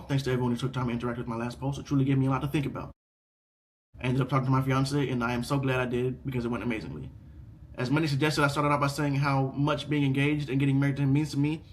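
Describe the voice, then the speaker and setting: A young man hosting a casual reaction video who reads online stories aloud and then rants about them. He repeats himself and swears freely, swinging from loud outbursts to low mutters.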